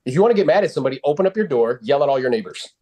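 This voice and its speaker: A man's voice: medium pitch, expressive, rapid-fire, dark tone. A man coaching real estate agents on sales calls, blunt and confident, swearing freely and using lots of fillers.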